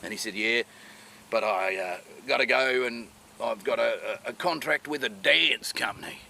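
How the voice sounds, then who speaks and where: A man's voice: medium pitch, bright, forceful tone, slight background noise. A man playing a blunt, swearing rural cattle boss. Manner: gruff, sweary, quick. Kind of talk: mockumentary interview acting.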